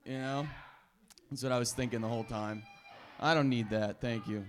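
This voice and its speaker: A man doing stand-up who roasts the earlier comics, shifting from mumbled asides to sudden loud bursts. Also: mid-range voice, steady tone, fairly quick. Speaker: stand-up comedian. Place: comedy club stage.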